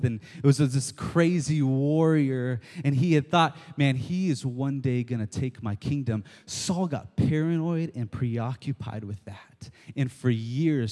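Male preacher, lively storytelling sermon, repeats points for emphasis, long hall reverb. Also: mid-range voice. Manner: animated storytelling, acts out quotes, repeats key lines.

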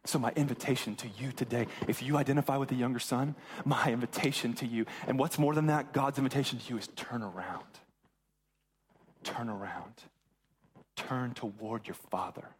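A man's voice: medium pitch, normal speed, slight background noise. A young man preaching a sermon as pastor, retelling a Bible story in casual slang and acting out the characters' lines. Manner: animated storytelling with acted-out voices and casual slang.

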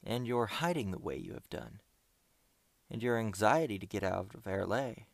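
A man's voice: on the low side, expressive, normal speed, gravelly, no echo. Level-headed storybook boy, earnest and curious, read by a male narrator.

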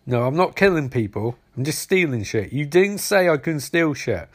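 A man's voice: a little high, big pitch swings, normal speed. A man paraphrasing a grumbling adult male thief in his own voice while recapping a show, bluntly and dismissively. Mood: defiant.

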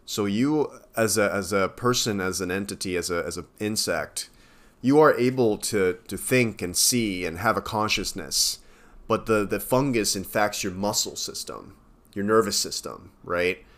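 A man's voice: fairly low pitch, normal speed, fairly bright tone. A man co-hosting a podcast, chatting casually with many fillers and self-corrections. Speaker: podcast co-host. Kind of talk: casual chat.

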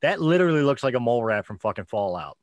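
A man's voice: mid-range voice, very animated, fast talker, no room sound. Swearing man joking on a podcast. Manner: crude joking, swears freely. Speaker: podcast co-host. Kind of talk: casual comedic chat.

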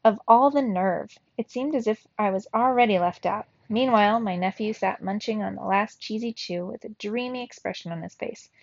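A woman's voice: mid-range voice, brisk, creaky, hardly any pauses, no echo. Woman reading a storybook aloud. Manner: lively reading with small slips and laughs at her mistakes. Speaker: teacher reading aloud to students. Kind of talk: children's book read-aloud. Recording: slightly dull lo-fi recording in a dry room.

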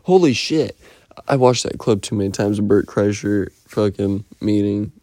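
A man's voice: lowish voice, fairly even intonation, moderate pace, warm tone, dry recording, clean studio sound. A man rambling through a casual, profane weekly update, telling stories and slipping into impressions. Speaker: podcast host.

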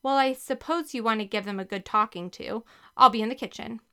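A woman voicing a bold, playful young babysitter who talks briskly and bosses the kids around in a storybook reading. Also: fairly high pitch, bright, forceful tone, clean tone. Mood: mock stern.

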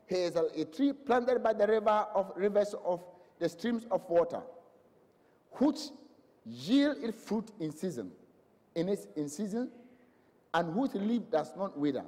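A man preaching a sermon with passion, swinging between loud proclamations and hushed lines. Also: high voice, big pitch swings, unhurried, long pauses. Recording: long hall reverb.

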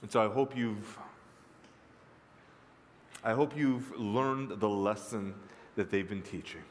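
A man's voice: on the low side, slow, slight background noise. A male pastor preaching a sermon in a church, telling stories and calling out to his congregation with emphasis, his voice ringing with long reverb. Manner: storytelling, emphatic, calls to the congregation. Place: church sanctuary.

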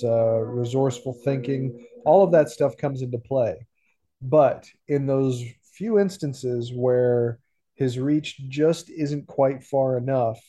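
A man co-hosting a podcast, talking about a cartoon in a measured, thoughtful way with filler pauses. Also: mid-range voice, dark tone. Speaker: podcast co-host. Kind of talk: casual chat about a cartoon episode.

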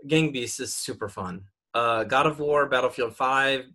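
A young man with a bright, forceful voice chats loosely through a bracket of video games, stopping often on ums and likes. He sounds opinionated and relaxed, like a streamer talking off the cuff. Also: mid-range voice, measured pace. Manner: rambling, filler-heavy, opinionated. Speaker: gaming podcaster and streamer. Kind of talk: casual chat.

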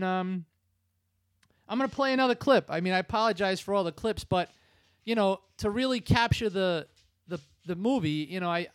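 Guy on a podcast recapping a movie, kinda high voice, dry close sound, does little impressions. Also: clean tone, no echo. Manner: animated retelling with quick impressions. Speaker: podcast host. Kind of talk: casual chat.

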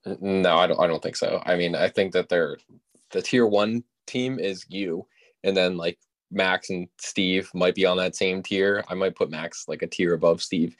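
A man with a very low voice on a casual podcast, speaking in a laid-back, hesitant way. The sound is dry and close to the mic. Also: fairly even intonation, moderate pace, no room sound. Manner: laid-back, hesitant, many fillers and restarts. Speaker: podcast co-host. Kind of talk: casual chat about fantasy football.

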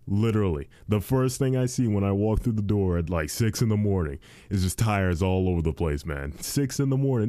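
A man's voice: lowish voice, expressive, fairly quick, hardly any pauses, mellow, dry recording, clean studio sound. A man ranting casually to his viewers, swearing freely and saying "dude" at every turn. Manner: swears a lot, says "dude" constantly, ranting. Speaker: dealership tire warehouse worker.

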